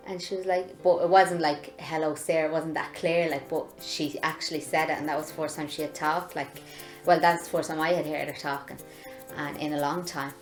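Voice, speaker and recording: A woman's voice: deep voice, fairly even intonation, a little fast, soft background music. A young woman with an Irish accent chatting through a memory, full of fillers. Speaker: interviewee, daughter of the patient. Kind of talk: recorded testimony. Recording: echoey room.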